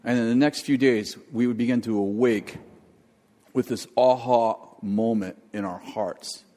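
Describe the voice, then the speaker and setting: A man preaching a sermon and leading prayer, animated, often acting out quoted voices. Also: lowish voice. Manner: animated, acts out quoted voices, jokes about accents. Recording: long hall reverb.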